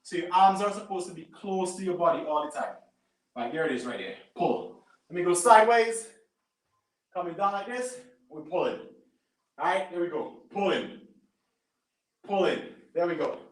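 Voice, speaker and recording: A man's voice: expressive, normal speed, pauses often, far from the mic. Man coaching a band workout in an echoey room. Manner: coaching, repeats "right?" and "boom". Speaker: fitness instructor. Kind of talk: live workout demonstration. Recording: echoey room, away from mic.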